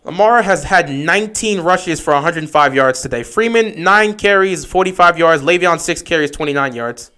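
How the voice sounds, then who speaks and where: High-voiced excitable football streamer man. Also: normal speed, hardly any pauses, smooth. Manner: excitable, shouts at big plays then mutters. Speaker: livestream host. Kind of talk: live football watch-along commentary.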